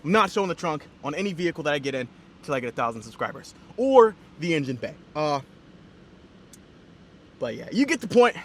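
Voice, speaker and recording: A man's voice: on the high side, very animated, fairly quick, pauses often, a little hiss or hum. A man giving a casual, rambling car review vlog from inside a car, with lots of fillers and restarts. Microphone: camera mounted in the car.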